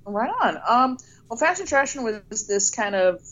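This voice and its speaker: A woman's voice: fairly high pitch, big pitch swings, moderate pace, fairly bright tone, slight background noise. Playful woman guest on a dull line. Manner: playful, jokey. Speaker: podcast guest. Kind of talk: casual chat.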